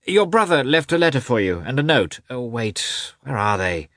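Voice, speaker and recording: A man's voice: mid-range voice, big pitch swings, normal speed, fairly bright tone, no room sound, clean studio sound, voice pushed up. A man voicing a hungover, playful young male officer with a whiny, lazy, teasing manner.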